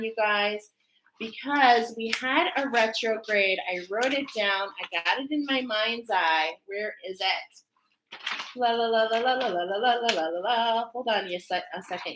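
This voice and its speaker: A woman's voice: mid-range voice, noisy background. A woman hosting a live stream as a spiritual reader, chatting casually and spontaneously, thinking aloud and laughing often.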